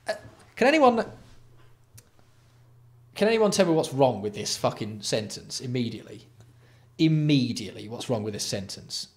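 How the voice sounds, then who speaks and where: Male livestream host, exasperated sweary commentary, mid pitch. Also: expressive, moderate pace. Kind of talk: casual live-stream commentary.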